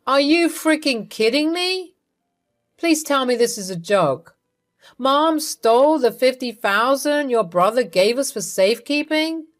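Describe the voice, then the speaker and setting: A woman's voice: high voice, animated, unhurried, soft background music, voice pushed up. A woman voicing a husband torn between his wife and his mother. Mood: shocked. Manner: anxious and shocked, then apologetic.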